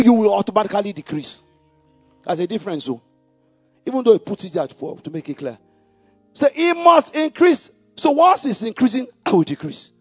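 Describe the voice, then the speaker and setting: Man preaching with a really high voice, quiet mumbling then loud emphatic bits, dull lo-fi sound. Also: slightly rough, no room sound. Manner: repeats key phrases, calls on listeners to say them back. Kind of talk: sermon. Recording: dull lo-fi recording with faint music.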